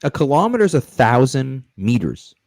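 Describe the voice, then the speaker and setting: An American man appearing as a podcast guest, chatting in an animated way with exasperated asides. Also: mid-range voice, normal speed, dry recording, studio quality. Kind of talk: casual podcast chat.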